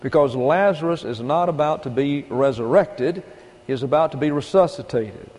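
Folksy preacher with a mellow voice in a reverberant hall. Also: male voice, on the high side, normal speed. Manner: folksy, emphatic preaching with rhetorical questions. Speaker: pastor. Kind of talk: sermon.

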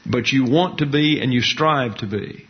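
A man, preaching a sermon in a measured, folksy teaching manner with colloquial asides. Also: medium pitch. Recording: dull lo-fi recording.

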